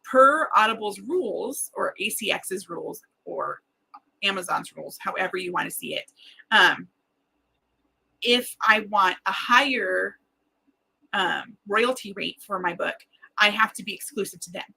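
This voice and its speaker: A woman author chatting casually and excitedly with viewers during a livestreamed book launch, rambling a little as she goes. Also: medium pitch, measured pace, gravelly, husky, poor audio. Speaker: mystery author hosting a live book launch.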